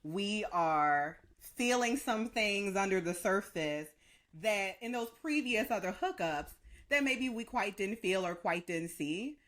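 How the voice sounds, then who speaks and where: A woman co-hosting a podcast in casual chat, gushing and animated as she breaks down scenes. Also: medium pitch, takes it slowly. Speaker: podcast co-host.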